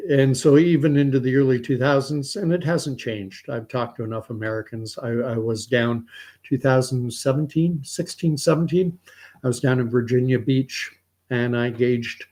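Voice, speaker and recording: A man's voice: mid-range voice, a little mellow. Middle-aged canadian guy rambling thru a story, lots of restarts, casual commentary.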